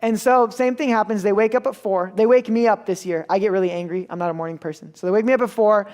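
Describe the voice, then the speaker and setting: A man's voice: high-pitched, steady tone, quick pace, a little mellow. A young man giving a sermon, telling a story casually with self-mocking asides. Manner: casual and self-mocking, acts out the people in his stories. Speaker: preacher.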